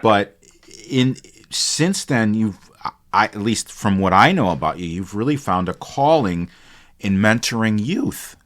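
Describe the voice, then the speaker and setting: A man hosting a radio interview, asking questions in a measured, polite way. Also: fairly low pitch, a bit bright. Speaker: radio show host, interviewer.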